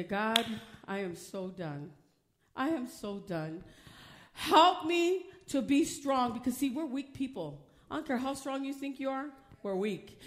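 Woman preaching her testimony, goes quiet then loud, pretty emotional, voice a bit high. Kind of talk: testimony sermon.

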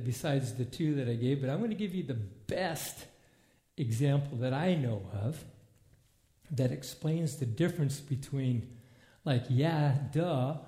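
A man teaching a Bible lesson in a church hall in a loose, lively way, acting out scenes in different voices. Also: medium pitch. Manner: animated, acts out movie scenes in voices. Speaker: preacher. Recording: echoey room.

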